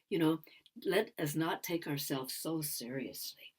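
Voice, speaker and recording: A woman's voice: low-pitched, unhurried, breathy edge. An older woman giving a musing conference talk on sound healing, repeating phrases and sometimes dropping to a whisper. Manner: musing, repetitive, drops into whispers.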